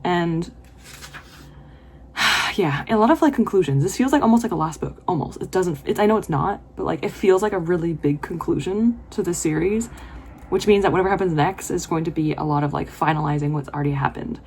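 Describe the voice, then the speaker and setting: A woman's voice: fairly low pitch, brisk, a little mellow, slight background noise. A young woman vlogging her reactions while reading, talking in an emotional, gushing and exclamatory way. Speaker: book vlogger. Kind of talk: reading vlog commentary.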